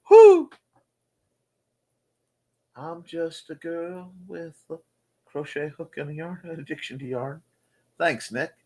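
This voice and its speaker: A man's voice: fairly high pitch, fairly bright tone. A man hosting a casual livestream chat from home, playful and chatty as he reads comments. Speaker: host. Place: home room.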